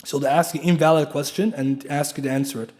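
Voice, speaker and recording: A man teaches a class in a mosque, talking quickly in a slightly high voice. He is emphatic, often asks his listeners rhetorical questions, and spells out key terms letter by letter. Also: fairly even intonation, darkish tone. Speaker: Islamic lecturer. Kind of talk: classroom lecture. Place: mosque lecture room.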